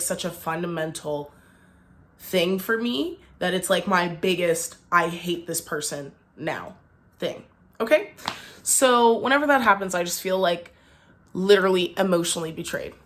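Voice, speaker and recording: A woman's voice: fairly low pitch, expressive, normal speed, fairly bright tone. A young woman vlogger telling a storytime tale, chatty and indignant, full of "like". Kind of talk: storytime vlog.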